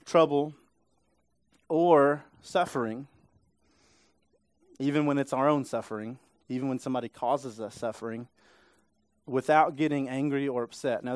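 A man's voice: mid-range voice, dry recording. A male pastor preaching a sermon in a casual, conversational way, often checking in with his listeners. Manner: casual, conversational preaching with frequent tag questions. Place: church sanctuary.

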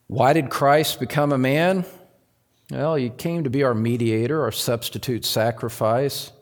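A man preaching a sermon as pastor, earnest, with rhetorical questions and slow answers, sometimes rising to loud emphasis. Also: fairly even intonation. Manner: rises to loud high emphasis.

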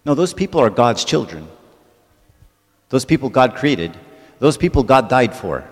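A man's voice: medium pitch, sing-song, moderate pace, pauses often, big-room sound. A man giving a conversational church talk to a congregation, often checking in with "right?". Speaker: church speaker.

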